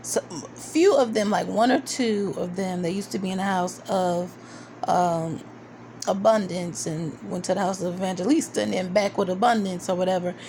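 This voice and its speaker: A woman's voice: lowish voice, moderate pace, a little hiss or hum. Chatty woman recapping a TV episode. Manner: chatty, quotes characters in animated asides. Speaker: video reviewer. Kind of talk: casual TV recap.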